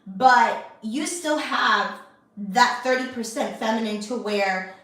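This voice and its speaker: Taking her time, this young lifestyle channel host speaks in a slightly high, fairly bright voice, chatting to camera with lots of fillers and restarts. The mic sits far from her, so she sounds off-mic in an echoey room.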